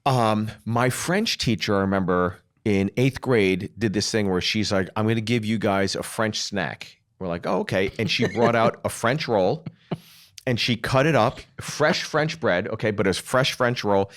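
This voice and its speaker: A man co-hosting a comedy podcast, playfully telling stories and running a quick game in casual chat. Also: fairly low pitch, fairly bright tone. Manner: playful, tells stories and calls his co-host dude. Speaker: podcast co-host.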